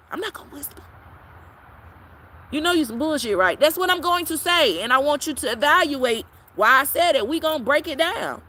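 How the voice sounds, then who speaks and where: A woman's voice: sits high, rough recording. A woman tarot reader talking bluntly and profanely to her followers in a live-stream chat. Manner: brash, profane, preachy, with sudden loud peaks.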